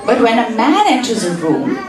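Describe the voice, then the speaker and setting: A woman's voice: on the high side, big pitch swings, normal speed, far from the mic, a loud crowd. A woman giving a humorous lecture to an audience in a large hall, teasing the listeners and repeating phrases for emphasis. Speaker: speaker at a community talk.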